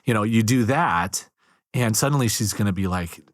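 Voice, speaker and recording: A man's voice: on the low side, moderate pace, dry recording, clean studio sound. A man speaking as a guest on a podcast about marriage, telling stories with energy and acting out the quotes. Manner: animated storyteller, acts out quotes. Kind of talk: podcast conversation.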